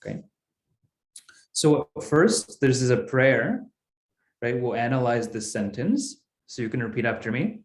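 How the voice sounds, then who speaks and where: A man teaching an online class, explaining patiently and one step at a time. He talks slowly at a middle pitch. His voice rings in a noticeably echoey room. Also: animated. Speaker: Sanskrit teacher.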